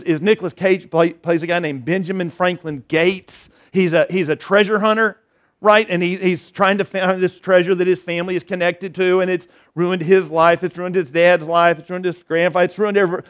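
High-voiced man preaching. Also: fairly even intonation, fairly quick. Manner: conversational preaching with repeated restarts and emphatic phrases. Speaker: pastor. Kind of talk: sermon.

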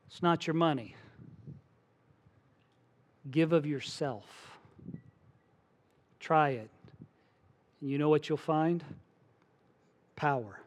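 A middle-aged man preaching from the pulpit, telling stories and acting out the voices of the people in them. His voice sits a little high for a man, and he preaches with an animated, conversational delivery. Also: slow, pauses often. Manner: animated storytelling, acts out voices. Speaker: pastor. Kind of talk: sermon.

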